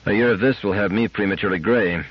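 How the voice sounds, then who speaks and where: A man's voice: fairly low pitch, fast talker, breathy edge, no room sound. A man voicing a weary middle-aged husband who grumbles reluctantly. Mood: grumbling. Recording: dull lo-fi sound.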